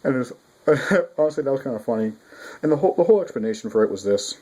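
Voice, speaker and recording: Rambling, excitable young man reviewing manga. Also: mid-range voice, quick pace. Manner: rambling and excitable, with frequent restarts and swearing. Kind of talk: casual spoken review.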